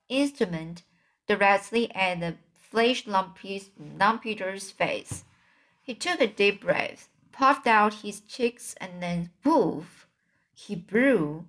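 A woman reading a children's novel aloud in a slow, halting way, often restarting words. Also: mid-range voice, a bit bright. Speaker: reader.

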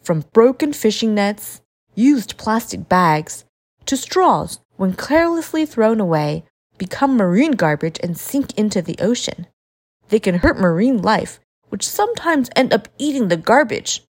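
Woman doing a seagull police officer, male, kindly, husky, patient explainer, lively delivery. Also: mid-range voice, a little slow. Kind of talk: storybook character voice.

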